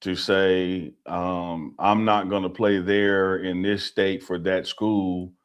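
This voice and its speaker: A man hosting a casual talk show, speaking in a measured, halting way with repeated starts. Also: low-pitched, flat delivery, clear, resonant tone.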